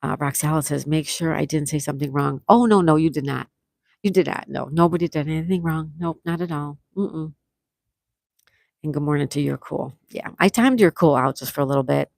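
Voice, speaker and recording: A woman's voice: deep voice, creaky, a little mellow, no echo, studio quality. A woman hosting a casual livestream, chatting and reading out viewer comments, laughing often. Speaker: livestream host.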